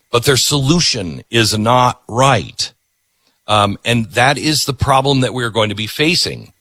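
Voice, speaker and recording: A man's voice: medium pitch, pushed and bright, no echo, studio quality. Emphatic middle-aged male talk host. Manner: emphatic, repeats words for stress. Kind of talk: political commentary monologue.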